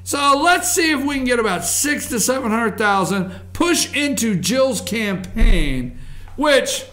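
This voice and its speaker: A man's voice: extremely high pitch, very animated, a little slow, sharp tone, soft background music. A man hosting a political commentary show, ranting sarcastically and mocking people's voices.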